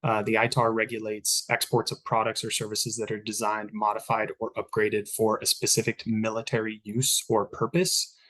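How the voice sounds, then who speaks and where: A man's voice: on the low side, completely flat delivery, normal speed, fairly bright tone. A man giving a compliance presentation to campus staff, reading steadily with frequent filler words. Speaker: export controls compliance officer. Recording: recorded online meeting.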